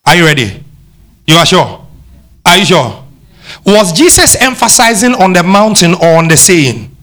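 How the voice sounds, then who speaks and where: A man's voice: high-pitched, very animated, moderate pace, a bit bright. A man with a Ghanaian accent preaching a sermon, emphatic, firing questions back at the congregation and switching between English and Twi.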